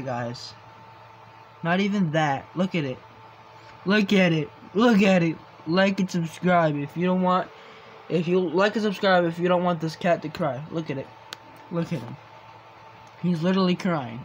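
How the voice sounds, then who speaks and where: A man's voice: high-pitched, slight background noise, rough recording. A young man vlogging at home, filming his pet on a phone and pleading with viewers in a teasing, then soothing way. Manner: pleading and teasing, drops to soft soothing tones. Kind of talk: casual vlog talk to viewers.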